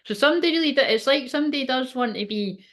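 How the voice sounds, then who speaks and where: A woman's voice: sits high, animated, racing. A woman, giving a casual, rambling tarot reading, swearing freely and laughing often. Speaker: tarot reader and medium.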